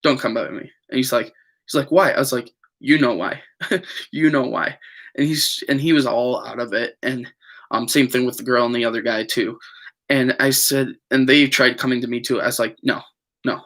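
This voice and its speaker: In a steady, fairly bright, medium-pitched voice at normal speed, a young man tells the camera about a falling-out with friends. The vlogger's casual account rambles, looping back with frequent fillers and repeats.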